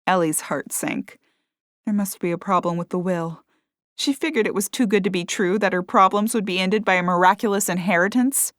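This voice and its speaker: A woman's voice: mid-range voice, moderate pace, no echo, studio quality. Woman narrating a cozy mystery. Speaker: audiobook narrator. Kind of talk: scripted narration.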